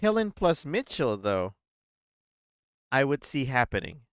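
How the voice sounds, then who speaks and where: A playful male streamer with a smooth, resonant voice at a middle pitch, reading chat messages and puzzling over clues as he plays. The sound is close and dry, with no room sound. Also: big pitch swings, a little slow, no room sound. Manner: chatty, playful, thinks out loud. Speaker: gaming streamer, host. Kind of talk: casual let's-play commentary, reading chat aloud.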